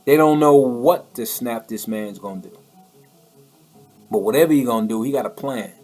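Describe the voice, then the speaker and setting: A political commentator delivers a heated, preachy monologue in a colloquial style, his mid-range, darkish voice moving at normal speed. He often repeats words to drive home his point, and faint music plays behind him.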